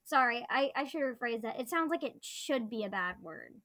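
A woman's voice: on the high side, animated, normal speed, sharp tone, no room sound. A woman co-hosting a casual podcast from her bed at home, reacting with laughter and disbelief. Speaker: podcast co-host.

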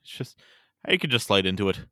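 A man's voice: fairly low pitch, sing-song, fast talker, fairly bright tone, no echo, studio quality. A man co-hosting a podcast in casual chat, laughing often and trying out joke accents. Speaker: podcast co-host.

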